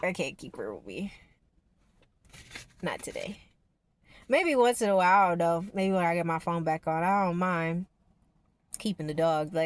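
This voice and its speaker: A woman's voice: on the low side, lively intonation, unhurried, pauses often. A woman vlogger talking casually to her viewers about spirituality, rambling and emphatic, with the odd swear word.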